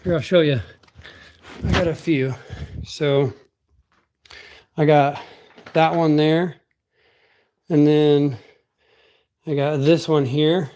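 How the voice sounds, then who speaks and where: A man's voice: on the high side, fairly even intonation, slow, long pauses, warm tone. A man streaming live, casually answering his viewers' chat in easygoing banter while working out. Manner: easygoing, laid-back banter. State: working out between comments. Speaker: livestreamer.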